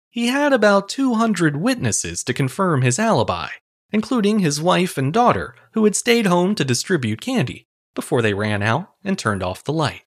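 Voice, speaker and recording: A man hosting a history podcast, telling a crime story in wry, measured scripted narration. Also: high voice, fairly bright tone. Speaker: podcast host.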